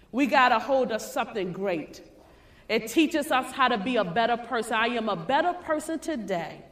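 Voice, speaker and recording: Woman motivational speaker on stage, preacher cadence, high and bright, big hall reverb. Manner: emphatic and preacher-like, repeating phrases, sometimes shouting. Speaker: motivational speaker at a sales convention. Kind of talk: motivational speech.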